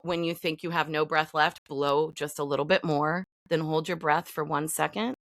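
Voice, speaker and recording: Voice coach lady walking you thru breathing step by step, lowish voice, dry close sound. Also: moderate pace, no room sound. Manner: explains in calm, instructive steps. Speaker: guest, acting and voice coach. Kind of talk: conversational podcast interview.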